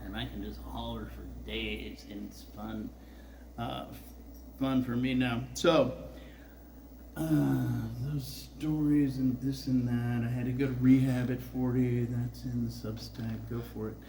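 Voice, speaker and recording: A man's voice: mid-range voice, flat delivery, measured pace, mellow, slight background noise, rough recording. A man in his sixties telling a rambling, profane personal story on a festival stage, full of filler words. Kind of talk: live storytelling.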